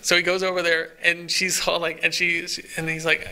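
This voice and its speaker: A man's voice: a little high, monotone, moderate pace, gravelly, pushed and bright, clean tone. A man co-hosting a casual podcast chat, rambling eagerly with many restarts. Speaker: podcast co-host.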